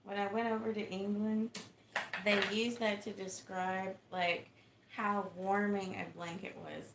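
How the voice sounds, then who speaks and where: Over a noisy background, a Texan woman livestreaming from her small home speaks in a level, creaky, mid-range voice at a measured pace. She's easygoing and chatty, greeting viewers and laughing often.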